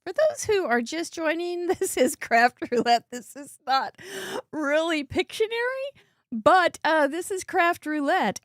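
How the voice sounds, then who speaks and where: A woman's voice: very high voice, big pitch swings, a little slow, dry recording, clean studio sound. A woman hosting a live crafting show, chatting in a bubbly way and laughing often while she works. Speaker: host. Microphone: headset earbud.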